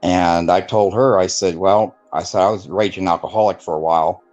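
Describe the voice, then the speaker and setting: A man's voice: low-pitched, steady tone, fairly quick, a little mellow, lo-fi sound, soft background music. A man telling his life story in a casual interview, rambling with many fillers and acting out the voices of people he quotes. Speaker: guest telling his testimony.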